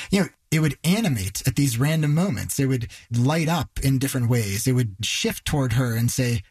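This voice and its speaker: A man's voice: mid-range voice, expressive, moderate pace, hardly any pauses, slightly rough, no echo. A male reporter retelling a story in a conversational, vivid way. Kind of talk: narrated news storytelling.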